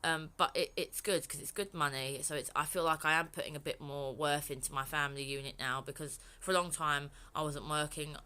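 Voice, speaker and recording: A woman's voice: low voice, steady tone, fairly quick, hardly any pauses, bright, forceful tone, smooth. A young woman from England talking frankly in a personal vlog, rambling and swearing freely. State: emotional, near tears. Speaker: vlogger.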